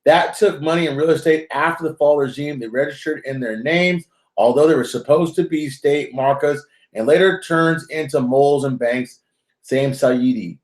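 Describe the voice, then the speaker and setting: At a moderate pace, a man hosting a live call-in show about currency chats casually, rambling and cracking jokes. His slightly high voice rings in a roomy, echoey space, and he shifts back and forth between news reading and caller banter.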